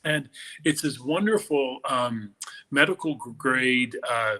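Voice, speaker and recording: A man's voice: medium pitch, animated, slow pace, pushed and bright, low-quality recording. A middle-aged man, a makeup artist, talking as an interview guest in a casual, enthusiastic and gushing way.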